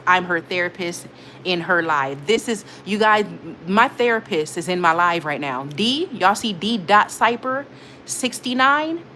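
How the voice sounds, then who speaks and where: A woman hosting a casual livestream, reading viewer comments aloud, animated and emotional, often repeating herself. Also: fairly low pitch, slight background noise. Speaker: livestream host.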